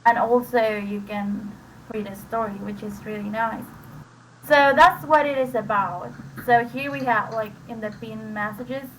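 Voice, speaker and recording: A woman with a Spanish accent and a somewhat high voice talks through her reading sessions in a loose, rambling way, leaning on "like" and restarting sentences. Her first language is Spanish, and she comes through a computer mic on a voice chat with a faint hiss behind her. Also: measured pace, poor audio. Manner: rambling, with many "like" fillers and restarts. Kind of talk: casual screen-share explanation.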